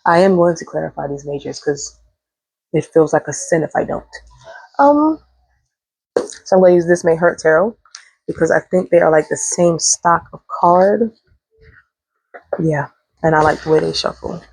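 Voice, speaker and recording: A woman's voice: low voice, lively intonation, normal speed, creaky, long pauses, darkish tone, husky, no room sound, rough recording. A woman giving a casual tarot reading, chatty and rambling, who swears freely. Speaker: tarot reader.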